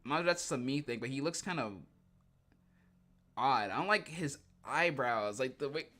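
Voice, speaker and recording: A man's voice: medium pitch, lively intonation, moderate pace, bright, forceful tone. A young man casually reading comics on a livestream, rambling and joking with plenty of laughter.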